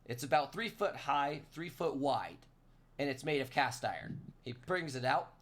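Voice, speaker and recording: A man's voice: medium pitch, moderate pace, fairly bright tone. A man narrating as game master of a tabletop role-playing game, rambling and correcting himself as he describes the scene.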